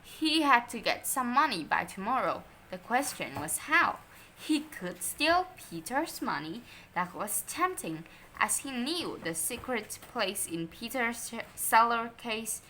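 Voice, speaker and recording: A woman reading a children's story aloud in an expressive, unhurried way. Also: mid-range voice, a little hiss or hum.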